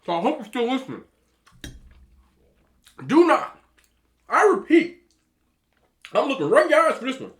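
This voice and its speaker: A man in his thirties eating on camera, giving emphatic, animated relationship advice to other men and telling stories in a casual chat. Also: very high-pitched, moderate pace, pauses often. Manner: storytelling with repeated disapproving hums. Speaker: mukbang vlogger.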